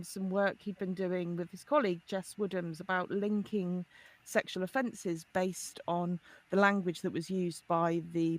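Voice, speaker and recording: A middle-aged woman, a forensic linguist, telling an animated story as a podcast guest with frequent laughs and restarts. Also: lowish voice. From United Kingdom. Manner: lively, laughs often, many restarts.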